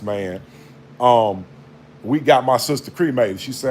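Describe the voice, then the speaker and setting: A man, talking in a blunt, slangy, preachy way that swings between quiet reflection and raised scolding. His voice sits in a middle pitch and is recorded on a phone held low. A faint noise hums underneath. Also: measured pace, pauses often. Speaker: vlogger. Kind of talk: casual spiritual monologue. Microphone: phone camera held low.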